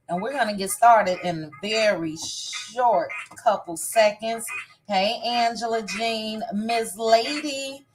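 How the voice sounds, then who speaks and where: A woman's voice: a little high, poor audio. A woman hosting a casual live stream, greeting viewers by name one after another. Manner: warm shout-outs, reading names one by one.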